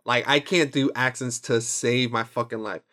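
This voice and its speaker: A man's voice: mid-range voice, fairly even intonation, moderate pace, pushed and bright. Playful, rambling male podcast co-host. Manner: rambling, self-mocking, playful. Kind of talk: casual chat.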